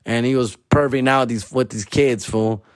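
A man's voice: medium pitch, fairly even intonation, moderate pace, no echo, studio quality. A man, a comedian host riffing in a profane, slangy monologue and ending lines with "fool" and "dog". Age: 40s.

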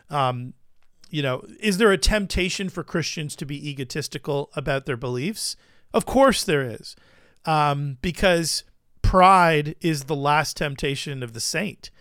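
A man hosting a casual commentary show, chatty and quick to laugh, often repeating words as he thinks. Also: a little high, a bit bright, clear, resonant tone, dry recording, clean studio sound. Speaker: host of a Christian commentary show.

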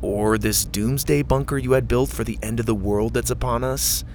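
A man's voice: medium pitch, steady tone, normal speed, a little mellow, a little hiss or hum, close to an everyday voice. Storybook figure: man playing a skeptical teasing boy, dry and sarcastic.

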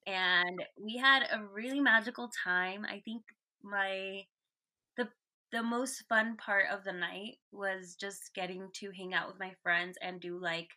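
A woman's voice: mid-range voice, fairly even intonation, unhurried, bright, forceful tone. A woman guest on a podcast, chatting casually and rambling with lots of "like"s. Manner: rambling, many "like"s. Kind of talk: casual chat.

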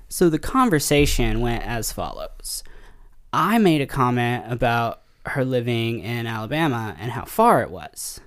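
A man's voice: medium pitch, expressive, normal speed. A man co-hosting a casual podcast, recounting a story in a plain, conversational way. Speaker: podcast co-host. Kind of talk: casual chat.

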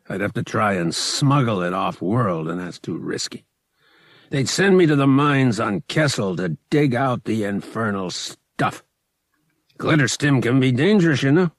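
A man voicing a small, sharp-faced male dealer who talks in a wary, nervous, hushed way. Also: on the low side, husky, no echo, studio quality, exaggerated voice.

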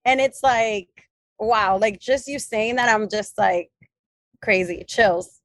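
A woman's voice: mid-range voice, slow pace, no echo. A woman hosting a podcast, reacting in a moved, reflective way in casual chat. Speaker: podcast host.

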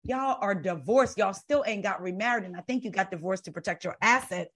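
A woman's voice: medium pitch, brisk, fairly bright tone. A woman, chatting casually about reality TV as a podcast co-host, sassy and blunt with her opinions. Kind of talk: casual reality-TV recap chat. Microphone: video call.

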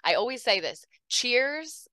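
A woman's voice: on the low side, measured pace, a bit bright, dry recording. Earnest woman podcast host, dry sound. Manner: earnest, emotional, laughs often. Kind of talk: heartfelt talk to listeners.

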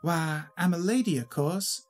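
A man's voice: a little high, unhurried, faint music behind. A man voicing a sinister talking glass doll lady, with a sarcastic vaudeville accent and old-timey slang. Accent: 1920s vaudeville.

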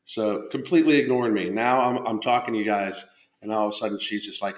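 A man who is a podcast host and fitness coach runs a casual live stream about his coaching from an indoor room at home, talking loosely and profanely while breaking off and restarting sentences. His voice is medium pitch and fairly quick, with roomy echo.

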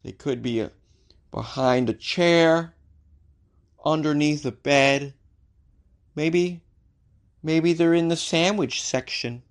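A man putting on the voice of a dull male corporate spokesman, dragging out each phrase slowly and flatly. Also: a little high. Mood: droning.

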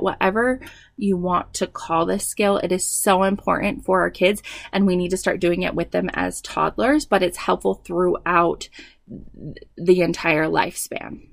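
A woman in her thirties giving parenting advice, explaining tips clearly and slipping into quoted dialogue. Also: fairly low pitch, dry recording. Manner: warm explanatory, acts out quoted dialogue with kids. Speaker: parenting educator. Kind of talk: advice talk.

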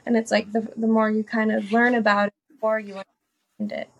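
A woman's voice: on the high side, little pitch movement, quick pace, dull audio. A woman guest on a podcast, talking earnestly and chattily, often saying "like". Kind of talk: casual conversation.

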